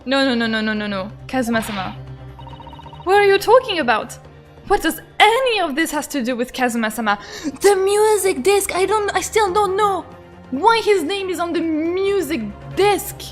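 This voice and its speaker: A young woman streaming a game, reading dialogue aloud and reacting excitably with stammers and shrieks. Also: very high voice, moderate pace, soft background music. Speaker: gaming streamer. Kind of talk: let's play commentary with voiced lines.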